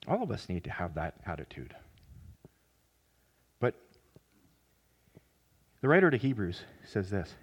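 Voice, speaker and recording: A man preaching a sermon as pastor, earnest, with sudden loud emphatic rises. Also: low-pitched, huge pitch swings, unhurried, long pauses, breathy edge.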